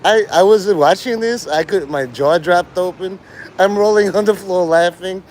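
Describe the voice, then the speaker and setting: A man's voice: high voice, normal speed, a little mellow, a little hiss or hum. A man streaming live, rambling through jokes and stories, laughing often and swearing freely.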